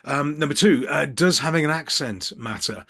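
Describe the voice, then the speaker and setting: A man's voice: fairly high pitch, normal speed, a bit bright, husky. A middle-aged man from Birmingham, England, giving casual tips straight to camera from his office as a business coach, with dry, self-mocking jokes. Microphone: camera at eye level with ring light.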